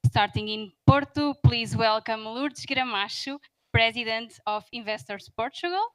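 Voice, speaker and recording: A woman's voice: on the high side, a little slow, fairly bright tone, rough recording. A woman presenter formally announcing the guests of an event panel.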